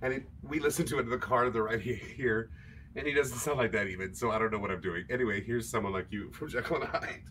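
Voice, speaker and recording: A man of medium pitch with a slightly bright tone speaks quickly over a bit of background noise. He's a singer hosting a livestream, chatting with viewers between show tunes and poking fun at himself.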